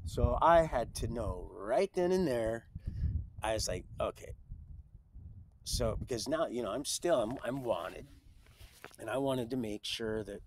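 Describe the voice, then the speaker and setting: A man's voice: medium pitch, darkish tone, slight background noise. A man telling a rambling personal story on a livestream, often repeating and restarting his words.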